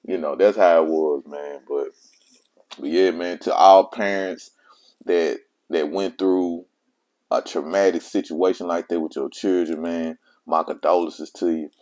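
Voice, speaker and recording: Low-voiced man telling a personal story. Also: steady tone, a little slow, a little mellow. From Mississippi. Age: adult father of children. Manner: slangy, emphatic, repeats himself. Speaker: vlogger telling his own story.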